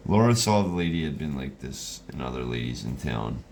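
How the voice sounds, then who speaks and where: A man's voice: a bass voice, very animated, a little fast, vocal fry, a little mellow, a little hiss or hum. A man narrating a storybook reading in a loose, rambling way with restarts.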